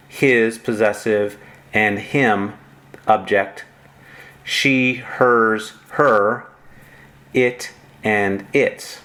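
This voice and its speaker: A man's voice: medium pitch, a bit bright. A man teaching Greek grammar in a recorded lecture, methodical and reciting word forms one at a time.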